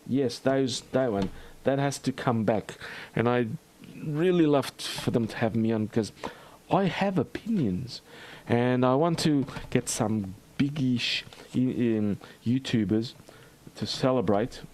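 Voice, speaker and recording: An Australian man hosting a livestream in a rambling, halting chat full of fillers and restarts. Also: mid-range voice, a little mellow. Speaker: livestream host.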